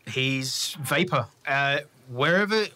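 Relaxed man narrating a tabletop game. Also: medium pitch, slow pace, a little hiss or hum. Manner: relaxed, hesitant narration with fillers. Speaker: game master.

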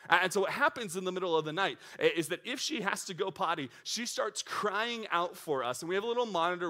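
A man in his thirties preaching a sermon, moving from calm teaching to excited, animated storytelling. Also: high-pitched. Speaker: pastor.

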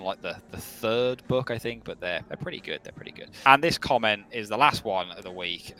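Chatty English podcast co-host. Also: male voice, fairly low pitch, a bit bright. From England. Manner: chatty, reads listener comments aloud. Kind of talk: casual podcast chat.

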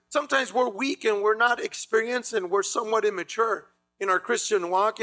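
High gravelly male preacher. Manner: dramatic, acts out biblical voices with shouts. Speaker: pastor. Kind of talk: sermon.

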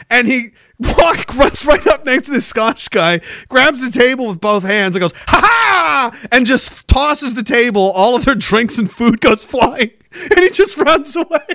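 A Canadian man in his forties, a podcast host telling wild stories in a profane, animated way, laughing often. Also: extremely high pitch, dry recording, studio quality. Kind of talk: casual storytelling.

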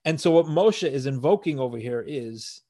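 A man's voice: mid-range voice, expressive, moderate pace, mellow. A man teaching a verse-by-verse scripture lesson, reading Hebrew phrases and translating them one by one in an earnest, explanatory way. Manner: earnest, explanatory, with frequent restarts. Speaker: Torah teacher.

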